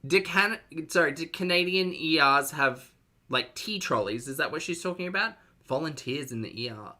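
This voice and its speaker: A man's voice: on the high side, animated, moderate pace, bright, forceful tone. A man with an Australian accent, giving sarcastic, chatty reaction commentary on a live stream and reading out chat messages.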